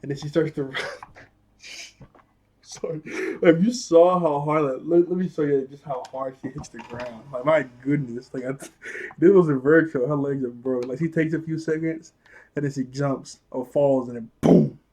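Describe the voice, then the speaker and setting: Husky young guy rambling thru a cartoon episode recap, laughs a lot, does little voices for the characters. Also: fairly high pitch, fairly even intonation, warm tone. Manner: rambling, laughs often, retells scenes in quick quoted voices. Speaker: video reviewer.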